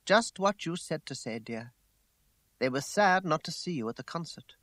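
A smooth-talking gentleman suitor pleads in an earnest, coaxing way, as a male audiobook reader puts him on. His lines are slightly high and sometimes slow. The recording is dry and close. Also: animated, dry recording. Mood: pleading. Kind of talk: audiobook character voice.

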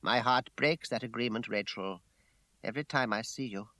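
A man reading an audiobook voices a gentleman suitor who talks in an earnest, coaxing way, sometimes slowing down. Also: mid-range voice, no echo, pitched below the performer's own voice, lightly acted. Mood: pleading. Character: smooth-talking, pleading young gentleman suitor. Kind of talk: audiobook character voice.

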